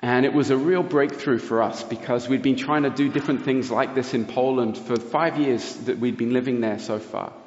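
A man preaching a sermon, telling a personal story in an earnest, lively way. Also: mid-range voice, normal speed, few pauses. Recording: roomy hall reverb, dull lo-fi sound.

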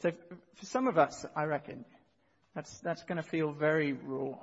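Earnest preacher man in a reverberant hall. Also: on the high side. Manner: earnest, pausing, repeats key phrases. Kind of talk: sermon. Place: church hall. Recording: dull sound with long hall reverb.

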